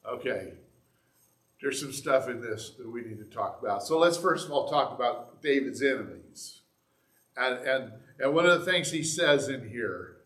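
Pastor, male, mid-pitched, earnest conversational preaching, roomy church sound. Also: animated, moderate pace, sharp tone. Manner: conversational, earnest Bible teaching with asides to an online audience. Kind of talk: sermon.

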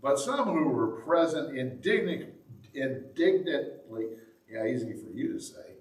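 A man's voice: mid-range voice, big pitch swings, a little slow, recorded from a distance. A man preaching a sermon, telling the story in a conversational way and acting out the quotes. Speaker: pastor. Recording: echoey room, speaker away from the mic.

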